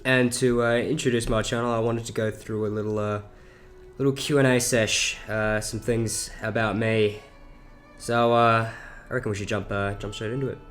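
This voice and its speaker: Teen male, South Australian accent, lowish voice, rambling casual Q&A, faint music under it. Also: little pitch movement, moderate pace, a bit bright. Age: teens. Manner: rambling, lots of "uh" and swearing. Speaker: YouTuber. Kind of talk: casual Q&A vlog.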